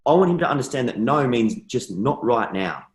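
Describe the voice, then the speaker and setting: A man's voice: medium pitch, fairly quick, echoey room, rough recording. A young man, an interview guest, telling stories casually and acting out dialogue in shifting voices. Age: young adult. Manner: animated storyteller, acts out dialogue in shifting voices.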